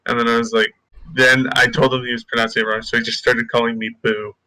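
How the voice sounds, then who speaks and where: Bright-voiced joking podcast co-host. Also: male voice, mid-range voice, level tone, quick pace, poor audio. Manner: joking, goofy banter. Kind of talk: casual chat.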